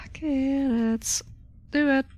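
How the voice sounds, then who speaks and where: A young woman streaming a horror game, reacting out loud, swearing often and dropping to whispers. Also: high voice. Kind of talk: live game commentary.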